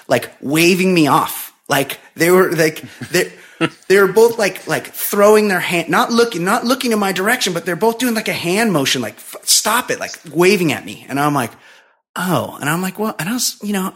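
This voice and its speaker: A man's voice: fairly high pitch, slightly rough. A man in his forties, a podcast host, telling a story in casual chat with lots of swearing. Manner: profane, animated storytelling.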